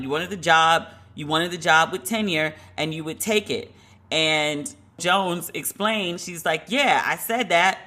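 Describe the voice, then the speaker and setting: A woman podcast host giving a casual, animated commentary monologue, laughing and emphatic as she talks. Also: sits low.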